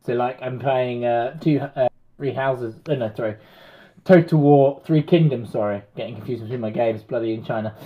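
A man's voice: medium pitch, moderate pace. A man on a podcast panel, chatting casually about games in a rambling way and correcting himself as he goes. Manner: rambling, self-correcting, chuckling. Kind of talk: casual chat. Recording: dull lo-fi audio.

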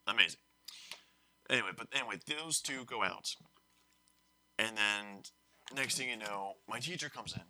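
With a fairly low voice at normal speed, a young man tells a story casually on a podcast, pausing often. He rambles and corrects himself in an animated retelling, and there's a little hiss or hum in the audio.

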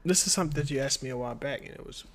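A man with a mid-pitched voice co-hosts a casual podcast. He teases his partner, laughs easily, and swears freely in relaxed banter. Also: rapid-fire. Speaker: podcast co-host. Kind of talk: casual chat.

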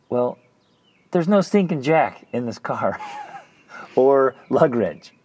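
A middle-aged man, co-host of a parenting talk show, telling a personal story in a casual, animated way, acting out his own past thoughts. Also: mid-range voice, slow, long pauses, slightly rough, dry recording. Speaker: podcast co-host.

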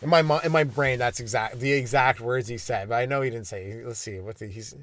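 A comedian talks through a meandering solo podcast bit at a middling pitch. He keeps breaking off his own sentences and throws in crude, deadpan irony. The recording is dry, with no room sound. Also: brisk, no echo. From Ontario, Canada. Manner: meandering, self-interrupting, crude and ironic. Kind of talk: rambling comedic monologue.

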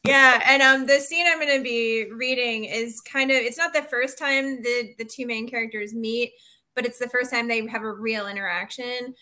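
A woman reads a romance novel passage aloud, shaping each sentence with expressive storytelling. Her voice sits a little high and rings bright and clear. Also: normal speed. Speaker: reader.

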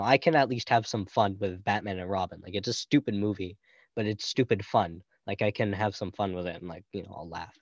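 A man's voice: fairly low pitch, no room sound, highs cut off. A young man hosting a podcast, chatting loosely about films in a jokey, rambling way and laughing often. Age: young adult. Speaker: podcast host. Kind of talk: casual film review chat.

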